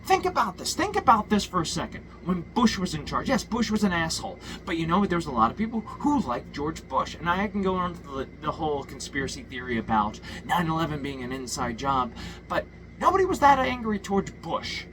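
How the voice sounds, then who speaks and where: A man's voice: fairly high pitch, very animated, a little fast, noisy background. Heated, profane man ranting. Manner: profane, heated, stumbling restarts. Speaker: political commentator. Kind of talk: ranting monologue.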